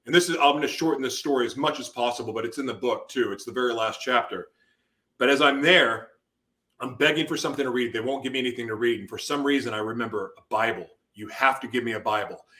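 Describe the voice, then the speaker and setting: Bright-voiced man telling an intense story. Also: medium pitch, fast. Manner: intense, emotional storytelling with sudden loud outbursts. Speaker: guest. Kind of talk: personal testimony in interview.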